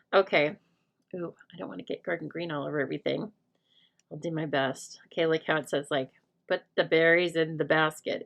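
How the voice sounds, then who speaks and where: Woman, middle-aged, crafting tutorial, lower-pitched, gravelly, chatty and jokey. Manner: chatty, jokey, thinking aloud while working. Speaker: stamping crafts demonstrator. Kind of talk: live crafting tutorial chat.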